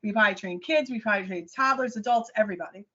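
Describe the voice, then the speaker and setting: A middle-aged woman, a life coach, telling stories in an animated, self-deprecating way on a podcast. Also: medium pitch, fast. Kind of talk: casual podcast interview. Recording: dull lo-fi audio.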